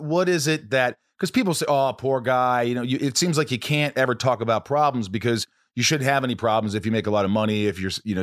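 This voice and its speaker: A man's voice: medium pitch, dry recording. Male host, rambling and self-deprecating, dry close recording. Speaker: interviewer host. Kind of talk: casual interview.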